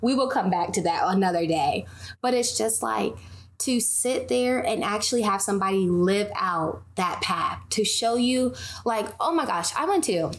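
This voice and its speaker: A young woman hosting a casual faith podcast, telling animated stories and wandering off on tangents. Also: medium pitch, moderate pace. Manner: animated storytelling, goes on tangents. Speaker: podcast host.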